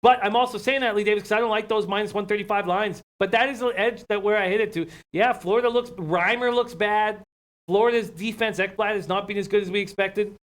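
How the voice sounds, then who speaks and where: A man with a high-pitched voice co-hosts a casual betting chat. He talks through his hockey and basketball bets in an easy, conversational way. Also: steady tone, fairly quick, fairly bright tone. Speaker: sports betting show co-host.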